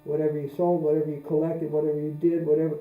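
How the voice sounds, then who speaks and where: A man giving a spiritual teaching talk, unhurried and repeating phrases for emphasis. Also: on the high side, completely flat delivery, narrow, tinny audio. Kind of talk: spoken religious discourse. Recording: roomy echo.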